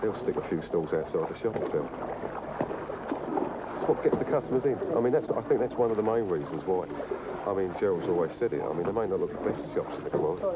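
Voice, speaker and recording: A man who used to work in the markets, talking casually in a salesman's rapid style, full of "I mean", outdoors. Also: low voice. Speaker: former market trader interviewed. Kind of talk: casual interview talk. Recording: loud outdoor noise.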